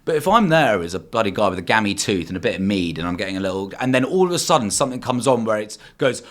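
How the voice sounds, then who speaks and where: A man's voice: on the low side, very animated, very fast, a bit bright. A young man, a podcast guest chatting casually, enthusiastic and rambling with many fillers. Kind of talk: casual chat.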